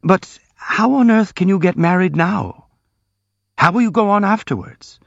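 Male reader doing a gentle, earnest young prince, mid pitch, dull lo-fi audiobook sound. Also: animated, unhurried, no echo. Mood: troubled. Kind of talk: audiobook dialogue reading.

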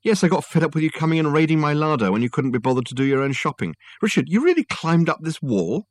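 A man voicing a brisk, sharp-tongued woman. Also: on the high side, lively intonation, no echo, pitched above the performer's own voice. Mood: incredulous. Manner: brisk and dry.

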